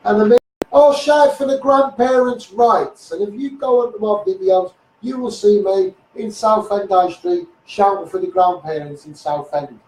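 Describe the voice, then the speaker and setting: A man's voice: sits high, normal speed, darkish tone, reverberant, distant mic, a little hiss or hum, rough recording. A man with a Scouse accent ranting heatedly into a live stream, repeating himself and swearing often. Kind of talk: impassioned Facebook live rant.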